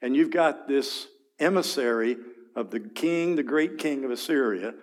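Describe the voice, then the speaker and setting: A man teaching a Bible study in a conversational, vivid way, often clearing his throat and asking listeners to picture the scene. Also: medium pitch, a little slow.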